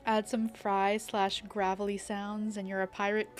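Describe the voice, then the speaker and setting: A woman's voice: mid-range voice, flat delivery, a little slow, faint music behind. A young woman chatting casually while streaming a game, thinking aloud and greeting viewers. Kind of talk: casual live-stream chat.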